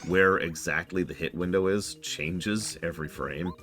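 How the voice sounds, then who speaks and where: A man's voice: deep voice, a little slow, over music. A man streaming a game review, talking casually and opinionated while he plays. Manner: chatty, opinionated, lively. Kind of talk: casual live-stream commentary.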